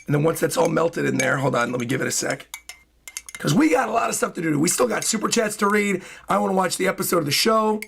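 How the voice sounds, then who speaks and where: A fairly high-pitched man talks casually on a live stream, his voice hoarse and worn out. There's a gravelly fry running through his speech, and he flips quickly from easy chatter into excited, loud hype. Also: slight background noise. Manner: excitable, bursts into loud hyped yelling. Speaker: streamer reacting to a comic chapter. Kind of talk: casual livestream chat.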